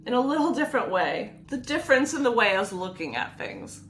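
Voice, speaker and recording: A young adult woman, a nurse, giving gentle, reassuring sleep advice and speaking openly about her own past struggles. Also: fairly high pitch, very animated, fairly quick, a little hiss or hum. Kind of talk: personal advice talk to camera.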